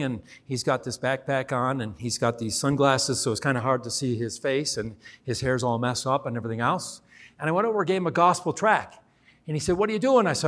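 Man preaching a lively story sermon. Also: on the high side. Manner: animated storyteller acting out dialogue. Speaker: guest preacher.

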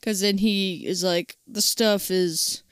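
A woman co-hosting a podcast, telling a story in a relaxed, unhurried way. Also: mid-range voice, clean tone, dry recording, clean studio sound. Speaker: podcast co-host. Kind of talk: casual chat.

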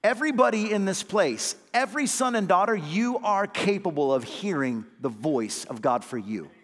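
A man, an associate pastor, preaching a sermon with call-and-response amens, swinging between loud emphatic lines and low hushed ones. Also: animated, normal speed, long reverb tail.

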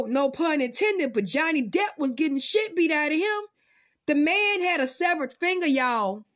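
A woman vlogging in casual commentary, profane and dramatic, swinging between loud outbursts and low muttering. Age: adult parent.

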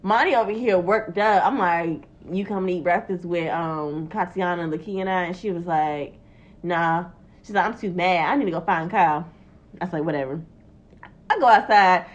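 A woman's voice: on the low side, normal speed. A young woman telling a story in casual chat, acting out the quotes and swearing freely. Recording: dull lo-fi recording.

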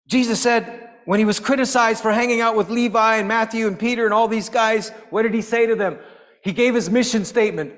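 Casual man preaching, folksy and animated, long reverb from the room. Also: sits high, moderate pace. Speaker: lay preacher. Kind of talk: intergenerational church teaching. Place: church sanctuary.

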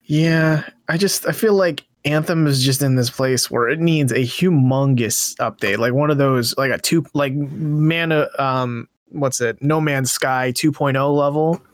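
A man's voice: medium pitch, unhurried, hardly any pauses, dry recording, studio quality. Wry man hosting a gaming podcast. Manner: conversational, wry, drifts into mock quotes. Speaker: podcast host. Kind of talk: casual gaming podcast chat.

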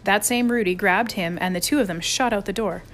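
A woman narrates a children's chapter book aloud. Her reading is expressive and brisk, at an ordinary pitch. Faint ambient noise sits underneath. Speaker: audiobook reader. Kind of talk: storybook narration.

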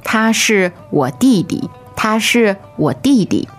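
A woman co-hosting a language lesson, speaking very slowly and repeating each phrase twice. Her pitch moves a lot, and faint music sits under her. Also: very animated. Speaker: language teacher, co-host. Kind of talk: slow lesson dialogue and drills.

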